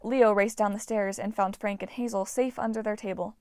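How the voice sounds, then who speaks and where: Woman narrator for a fantasy audiobook, mid pitch, dry close recording, animated reads. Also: moderate pace, dry recording. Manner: lively, voices characters with shouts. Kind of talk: audiobook narration with character voices. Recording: dry, low-quality home recording.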